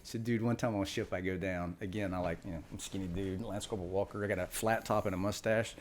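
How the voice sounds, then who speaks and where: A man's voice: sits low, fairly even intonation, fast, a little hiss or hum. A man in his forties, a retired Marine guest on a podcast, telling stories in a rambling, casual way full of asides. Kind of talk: casual storytelling chat.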